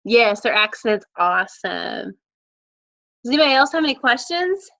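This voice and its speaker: A woman's voice: fairly high pitch, normal speed, gravelly, dry recording, rough recording. A woman leading her sales team on a video call, chatty and candid, telling stories as she coaches. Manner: chatty, candid, lively storytelling. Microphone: laptop video call mic.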